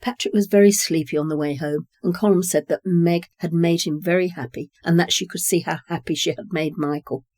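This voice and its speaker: A calm narrator reading a short story at a measured pace. The voice is mellow and warm, recorded close and dry with no room sound. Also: mid-range voice, dry recording.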